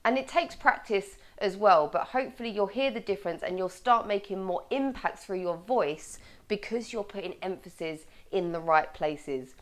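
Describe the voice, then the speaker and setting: A woman presenting a communication tips video as a coach, with lively delivery and clearly stressed words. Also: mid-range voice, moderate pace, hardly any pauses.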